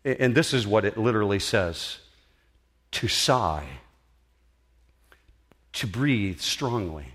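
Middle-aged man, pastor, sermon, earnest, emphatic, dramatic pauses, auditorium. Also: lowish voice, animated, a bit bright.

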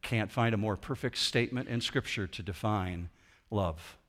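A man preaching a sermon as pastor in a church auditorium, swinging between loud emphasis and quiet intensity. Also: on the low side, moderate pace.

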